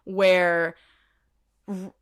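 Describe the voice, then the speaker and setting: A woman's voice: fairly low pitch, very slow, clean tone. Ranting, laughing woman podcast co-host. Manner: animated, ranty, swears and laughs often. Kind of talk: casual chat.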